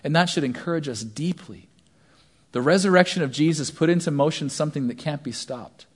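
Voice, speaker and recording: A man in his thirties preaching a sermon, telling stories animatedly and swinging between hushed asides and loud shouts. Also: a little high, brisk, slightly rough. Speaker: pastor.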